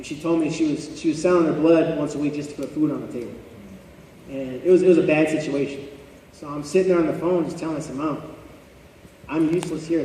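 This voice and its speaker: A man's voice: fairly high pitch, a little mellow, a little hiss or hum. Young guy giving a motivational speech, earnest with some jokes at his own expense, big echoey hall, mic far off. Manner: earnest, personal storytelling with light self-deprecating humor. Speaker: motivational speaker. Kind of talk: storytelling speech to an audience. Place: large hall before an audience.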